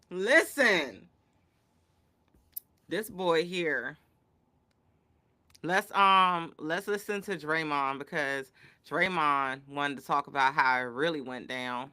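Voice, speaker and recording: Bright-voiced excitable woman sports host. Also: on the low side, slow pace, pauses often. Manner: excitable, slangy, hyped reactions. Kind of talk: casual sports commentary chat.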